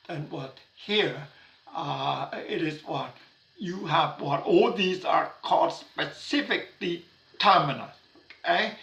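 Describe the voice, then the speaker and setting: Slow, repetitive male lecturer in echoey room. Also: high voice, pushed and bright. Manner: repetitive, rhetorical "what?" questions and frequent "okay?". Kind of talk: classroom lecture on test-taking. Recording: roomy, distant lecture capture.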